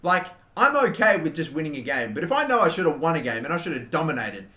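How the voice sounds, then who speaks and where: A young man giving excitable, sweary commentary over a football video game, shouting at the big moments. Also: on the high side, quick pace. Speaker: gaming YouTuber. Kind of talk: live gameplay commentary. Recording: echoey room.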